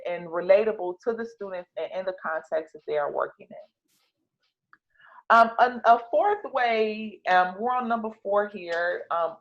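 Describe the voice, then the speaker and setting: Woman walking teachers through classroom ideas, chatty with lots of ums, kinda muffled lo-fi sound. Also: medium pitch. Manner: conversational, many fillers and restarts, repeats key words. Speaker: teacher trainer. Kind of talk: instructional talk.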